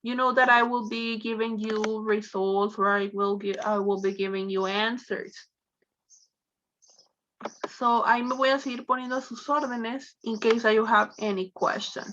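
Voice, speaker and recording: High bright woman teaching. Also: lo-fi sound. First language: Spanish. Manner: explains slowly, switching between English and Spanish. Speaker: English teacher. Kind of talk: online class lecture.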